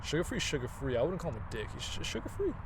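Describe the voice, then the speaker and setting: A young man co-hosting a casual podcast chat, joking and trading quick banter. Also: fairly high pitch, sing-song, vocal fry, noisy background. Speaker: podcast co-host.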